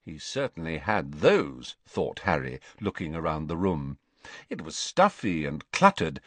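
A male narrator reads a fantasy novel aloud, slow and measured. His lowish voice moves with lively, expressive pitch. The recording is close and very dry. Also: no echo. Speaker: audiobook narrator. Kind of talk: scripted narration.

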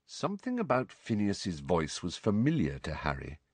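Lively, low-voiced male storyteller. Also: breathy edge, no echo. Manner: measured, expressive storytelling. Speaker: audiobook narrator. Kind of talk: scripted narration.

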